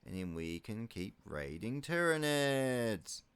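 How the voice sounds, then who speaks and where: A man's voice: mid-range voice, big pitch swings, takes it slowly, a bit bright, clean tone. A man from New Zealand giving casual let's-play commentary, rambling with wry asides and muttering his menu choices to himself. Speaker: gaming YouTuber.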